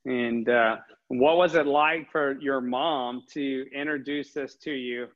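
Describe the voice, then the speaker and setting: A man's voice: mid-range voice, steady tone, takes it slowly. Upbeat male host, dull lo-fi sound. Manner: upbeat, encouraging, rambling questions. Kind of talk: casual interview. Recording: slightly dull lo-fi audio.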